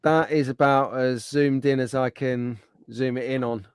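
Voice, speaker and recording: A man's voice: mid-range voice, steady tone, measured pace, clear, resonant tone, no room sound, clean studio sound. A middle-aged man hosting a casual livestream, chatting and bantering in an upbeat way. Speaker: livestream host. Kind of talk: casual chat.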